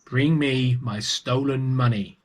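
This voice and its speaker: A man voicing a greedy, booming male giant in a children's storybook reading, chanting slowly and menacingly.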